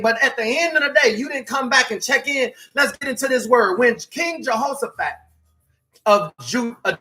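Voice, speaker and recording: High, bright-voiced preaching man. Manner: preachy, shifts between shouting and hushed, repetitive. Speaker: life coach preacher. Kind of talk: sermon-style motivational talk.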